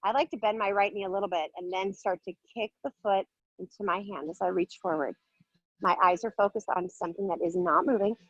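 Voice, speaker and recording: A woman's voice: medium pitch, fairly quick, dry recording, muffled recording. A woman teaching a yoga class, giving upbeat, playful cues while moving and a little out of breath. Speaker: yoga instructor. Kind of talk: guided yoga class instruction.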